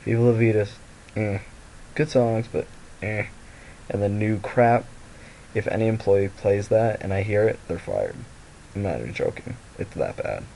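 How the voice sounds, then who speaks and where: Tired young man with a gravelly voice. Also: on the low side, lively intonation, normal speed, warm tone, slight background noise, rough recording. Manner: rambling, lots of fillers and restarts. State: tired, sleepy voice. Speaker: vlogger. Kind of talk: casual confessional vlog. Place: at home by a mirror.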